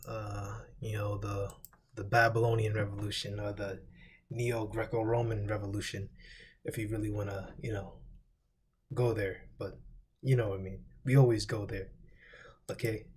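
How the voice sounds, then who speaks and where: A man's voice: on the low side, flat delivery, normal speed, husky. A man teaching a Bible lesson in a loose, rambling way, swearing casually and repeating lists as he recalls them. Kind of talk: informal scripture lesson.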